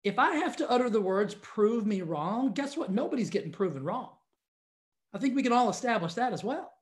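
A fitness studio owner telling viewers a story in a casual, exasperated rant, talking straight to the camera. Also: male voice, very high voice, animated, a little fast.

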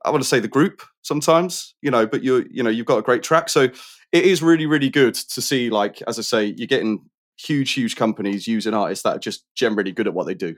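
A British man talking casually in a middle-pitched voice, loose and rambling. He circles his point with plenty of fillers and friendly asides, easygoing rather than polished. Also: fast talker. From Britain. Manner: chatty, rambling, many fillers and restarts. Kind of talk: casual conversation.

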